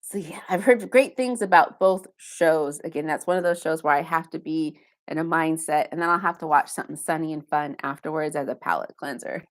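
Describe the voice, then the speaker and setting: A woman with a deep voice talks fairly quickly and barely pauses as she hosts a casual live stream from her home basement. She chats loosely, reads viewer comments and answers them one at a time, tossing in self-deprecating asides.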